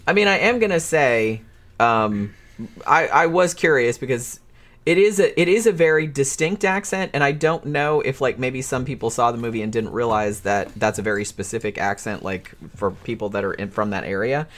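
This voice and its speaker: A man's voice: mid-range voice, normal speed, fairly bright tone. A man co-hosting a casual movie podcast, explaining background in long, hedging run-on sentences. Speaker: podcast co-host.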